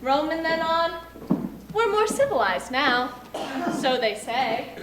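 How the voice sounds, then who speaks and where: A woman's voice: high voice, big pitch swings, takes it slowly, exaggerated voice. A young woman in a school play, acting a dry, wry minister who narrates and leads the vows. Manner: dry, wry stage delivery. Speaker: student actor in a school play. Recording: stage recording with noise.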